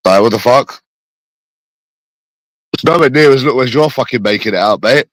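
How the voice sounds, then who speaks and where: A man's voice: fairly low pitch, measured pace, long pauses, dry recording, rough recording. A man with a phlegmy cough, ranting in a repetitive, rambling, profane casual monologue. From London.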